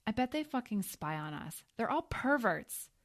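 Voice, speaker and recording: A woman's voice: a little high, very animated, normal speed, voice pushed up. A woman voicing a defiant, impulsive teenage schoolgirl in an audio story.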